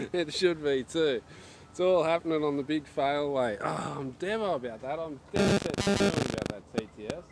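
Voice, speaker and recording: A man's voice: a little high, a little hiss or hum. An Australian man chatting casually on a livestream, rambling and talking to himself and his viewers. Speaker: archery livestreamer.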